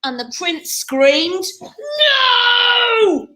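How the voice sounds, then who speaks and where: A woman teacher telling a story at a school assembly in a hall, playful and animated as she directs the children. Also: high voice, takes it slowly.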